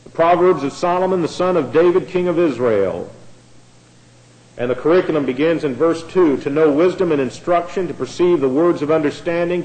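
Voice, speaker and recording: A man's voice: fairly high pitch, darkish tone. A man preaching a Bible-teaching sermon in a conversational way, often repeating words as he starts a phrase. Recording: echoey room.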